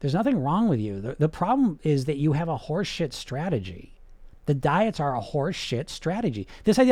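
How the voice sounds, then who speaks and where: Male hypnotist host, emphatic and blunt, fairly high voice with a very animated delivery. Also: fairly quick, no echo. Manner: emphatic, blunt, peppered with rhetorical questions and mild swearing. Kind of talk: motivational podcast monologue.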